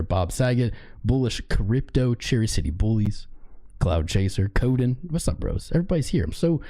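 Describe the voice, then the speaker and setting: A man with a hoarse, worn-out voice hosting a livestream, loosely and playfully calling out viewers by name. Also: lowish voice, mellow. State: hoarse, voice mostly gone. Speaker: crypto trading livestream host. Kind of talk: casual livestream chat.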